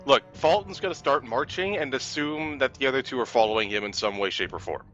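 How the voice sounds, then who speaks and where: Bright-toned male player, lo-fi voice chat. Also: mid-range voice, brisk, faint music behind. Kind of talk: casual tabletop game chat.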